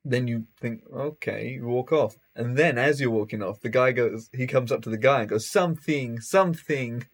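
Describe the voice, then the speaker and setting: A man's voice: medium pitch, moderate pace, few pauses, no echo. Joking man in casual chat. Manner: joking, laughs often.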